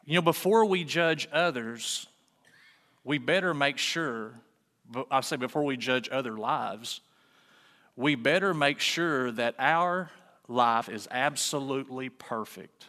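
A man's voice: medium pitch, takes it slowly, pushed and bright. Folksy preaching man in a reverberant hall. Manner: folksy, conversational preaching with rhetorical questions. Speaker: pastor. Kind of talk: sermon.

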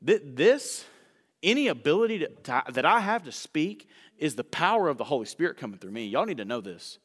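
Animated preacher in echoey hall. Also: male voice, a little high, breathy edge. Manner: self-described fast talker, slowing for emphasis; animated, swings from loud bursts to hushed asides. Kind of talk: sermon. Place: church sanctuary. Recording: echoey church hall reverb.

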